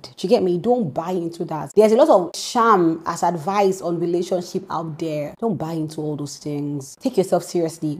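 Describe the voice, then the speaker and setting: A woman's voice: mid-range voice, dark tone. A young woman with a Nigerian accent, hosting a reaction commentary and giving emphatic, preachy sisterly advice. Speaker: host.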